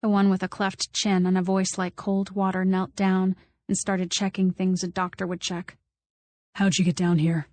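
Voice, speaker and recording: A woman's voice: medium pitch, completely flat delivery, normal speed, darkish tone. A woman narrating an audiobook, reading prose and acting out quoted voices with small shifts. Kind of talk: scripted narration.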